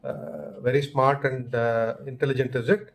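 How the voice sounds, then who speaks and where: A man's voice: medium pitch, steady tone, normal speed, close to an everyday voice. Touchy male villager in an oral story, voiced by the narrator: sulky, stubborn, defensive.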